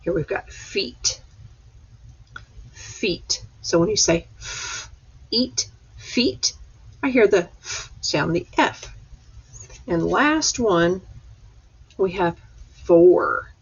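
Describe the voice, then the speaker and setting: A woman teacher walks young children through a phonics lesson, sounding out each letter slowly. Her voice is husky and gravelly, and she speaks at an unhurried pace. The recording sounds dull and lo-fi. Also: on the low side. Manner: slow, sounding out letters with rising excitement.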